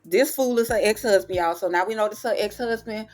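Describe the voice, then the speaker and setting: A woman vlogger talks through a TV episode in a casual, slangy way, full of attitude and lively asides. Her voice sits at an ordinary middle pitch. Faint music plays quietly under her talk. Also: a little fast. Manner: animated, sassy, slangy storytelling. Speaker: TV recap channel host. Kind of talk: casual review vlog.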